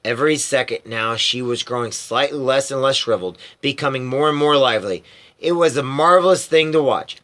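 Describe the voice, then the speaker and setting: A man reading a storybook aloud as a parent, in lively storytelling narration. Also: medium pitch, a little fast.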